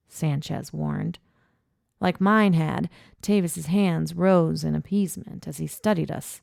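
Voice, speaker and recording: A woman reading first-person audiobook narration in a measured, low-key way. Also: gravelly, a little mellow, no room sound, clean studio sound.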